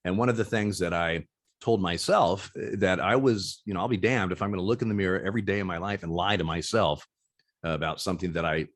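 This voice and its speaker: A man's voice: low-pitched, no echo, studio quality. A man in his sixties, a former umpire, talking candidly as an interview guest, often repeating words and restarting his sentences.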